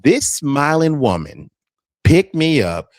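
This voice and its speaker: A man hosting a comedy talk radio show, telling stories with lively animation and voicing the people he quotes, from a studio microphone. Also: fairly high pitch, slow, no echo. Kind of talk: casual comedic radio banter and storytelling.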